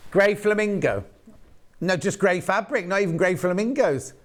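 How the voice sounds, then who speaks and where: This man hosts a live shopping broadcast from a TV studio, and his voice sits a little high for a man. He rambles cheerfully between bolts of fabric and reads each price aloud in a casual sales patter. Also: lively intonation, normal speed. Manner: chatty and rambling, reading out prices between asides. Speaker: shopping channel presenter.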